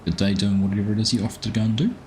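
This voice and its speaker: Male streamer host, deep voice, easygoing chatter, greets viewers by name. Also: fairly even intonation, racing, darkish tone, a little hiss or hum. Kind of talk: casual live-stream commentary.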